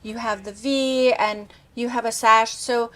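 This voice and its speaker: A woman's voice: fairly high pitch, fairly even intonation, unhurried, a bit bright, low-quality recording. A woman in her thirties hosting a cooking show, chatting casually and enthusiastically while tasting dishes. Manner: enthusiastic, tasting food on camera.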